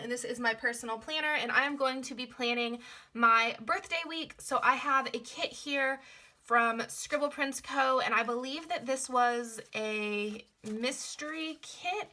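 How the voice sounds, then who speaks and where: Bright-voiced young woman with a stuffy nose. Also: high-pitched, moderate pace. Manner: chatty and rambling, with frequent fillers. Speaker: planner vlogger. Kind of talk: casual plan-with-me chat.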